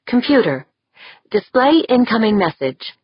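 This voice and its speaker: A young woman, polite but firm, settling into new quarters, as a woman narrator reads her. The voice is husky and low, with a dry, slightly dull recording. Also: expressive, takes it slowly, dry recording. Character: young woman newly arrived on a station.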